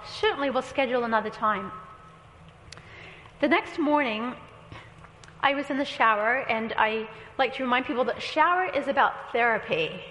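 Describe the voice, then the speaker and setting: A woman pastor preaches a sermon in an echoey hall with long reverb, telling a story with quoted dialogue and light humor. Her voice sits high, pushed and bright, over slight background noise.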